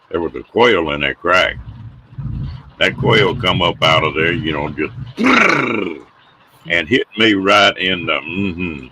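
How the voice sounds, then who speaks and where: Deep, bright-toned storyteller man. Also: slight background noise. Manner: folksy, drawling yarn-spinner who laughs at his own tales. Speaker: host telling stories. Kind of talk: casual storytelling on a live show.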